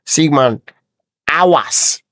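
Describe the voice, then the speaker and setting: A man's voice: a little high, lively intonation, drawn-out words, fairly bright tone, no room sound. A man teaching a Bible lesson over a screen share, repeating words and explaining bit by bit.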